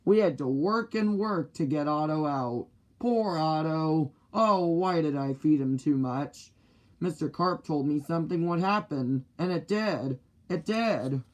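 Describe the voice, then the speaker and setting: A man reading a children's picture book aloud in the first person, slow and deliberate. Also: a little high. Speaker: storybook reader.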